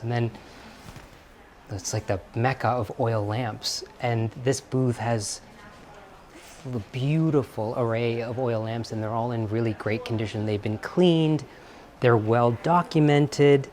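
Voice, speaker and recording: Browsing an indoor antique market, a male vlog host chats enthusiastically and reads price tags aloud. He speaks unhurriedly in a medium-pitched voice with a darkish tone.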